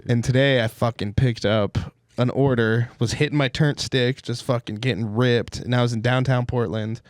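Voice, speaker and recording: A man's voice: mid-range voice, steady tone, normal speed, dry recording, studio quality. Rambling, swearing man telling a story. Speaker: podcast co-host. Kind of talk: casual comedy podcast chat. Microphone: podcast studio microphone.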